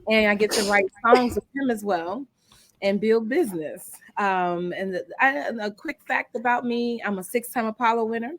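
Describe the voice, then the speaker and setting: A woman from Chicago, a singer-songwriter guest on a radio show, talking in a friendly, relaxed way with many ums. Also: on the high side, normal speed, slight background noise. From South Side of Chicago. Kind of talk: casual interview.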